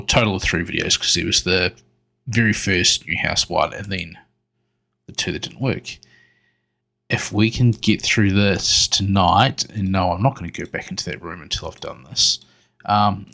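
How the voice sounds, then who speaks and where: Gravelly low-voiced man muttering to himself. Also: sharp tone. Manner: mutters to himself, talks to the game. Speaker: gaming video creator. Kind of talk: solo gameplay commentary.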